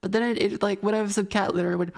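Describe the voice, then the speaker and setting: A woman's voice: mid-range voice, fairly even intonation, fast, gravelly, a little mellow. A young woman streamer chatting casually, telling a rambling story full of laughs and swearing. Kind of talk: casual chat.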